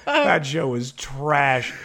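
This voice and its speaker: A man co-hosting a podcast in casual chat, brash and profane, firing off opinions quickly. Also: medium pitch, big pitch swings, sharp tone. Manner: brash, profane, rapid-fire. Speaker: podcast co-host.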